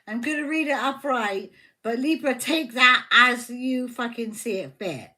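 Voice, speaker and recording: A woman's voice: on the high side, animated, unhurried, pushed and bright. A woman giving a casual live tarot reading, blunt, joking and full of swearing. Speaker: tarot reader. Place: home livestream.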